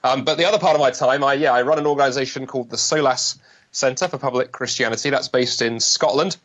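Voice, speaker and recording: A man from London with a British accent who rattles along quickly as a podcast guest. His speech is full of restarts and small jokes. The audio has a dull, lo-fi sound. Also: mid-range voice. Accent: British English. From London, England. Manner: fast, lively, joking, many restarts. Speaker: guest speaker. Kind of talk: podcast interview.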